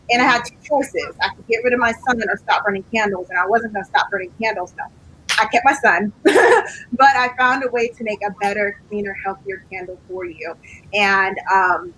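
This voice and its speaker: Relaxed, slightly husky woman guest. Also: medium pitch, low-quality recording. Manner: relaxed, laid back. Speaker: small business owner guest. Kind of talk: casual interview chat.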